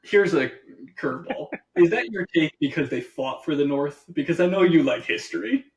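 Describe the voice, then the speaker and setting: A man co-hosting a podcast in casual chat, animated, acting out what other people say and laughing often. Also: fairly high pitch, normal speed. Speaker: podcast co-host.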